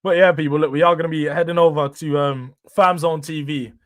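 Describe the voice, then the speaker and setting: A man's voice: on the high side, fairly even intonation, brisk. Slangy young man streaming. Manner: slangy, laughs often, talks to chat. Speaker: livestream host. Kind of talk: casual stream chat.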